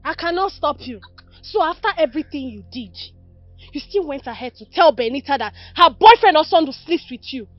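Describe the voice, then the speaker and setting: A woman's voice: high voice, expressive, fairly quick, dry recording, lo-fi sound, soft background music. An actress with a Nigerian accent playing an outspoken young woman who confronts a scheming friend. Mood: scolding. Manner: confrontational, scolding.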